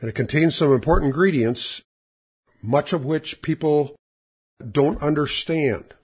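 A man teaching a Bible lesson in sermon style, emphatic, slowing down to stress scripture phrases. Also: on the high side, darkish tone, slightly rough. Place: church or classroom with slides.

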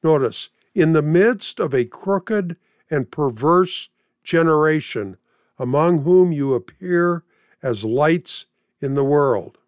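Slow, deliberate male preacher. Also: fairly high pitch, animated, clean tone, dry recording. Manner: slow, deliberate reading of scripture with paraphrased pleas. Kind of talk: sermon.

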